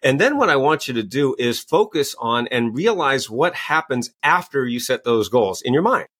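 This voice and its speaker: A man's voice: mid-range voice, lively intonation, moderate pace, a bit bright. A man, a coach and author, answering interview questions with enthusiastic storytelling. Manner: enthusiastic, storytelling, acts out quoted voices. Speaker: guest, executive coach and author.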